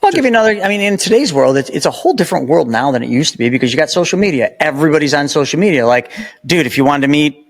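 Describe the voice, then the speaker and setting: A man appearing as a podcast guest, telling animated stories and making emphatic points in casual conversation. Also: a little high, racing. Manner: animated storyteller, emphatic and preachy.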